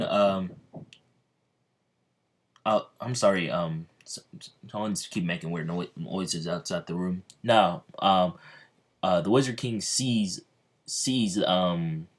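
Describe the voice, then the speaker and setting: A man's voice: sits low, slow, long pauses. A man telling a fan-made story in a hesitant, rambling way, full of ums and restarts. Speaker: channel host.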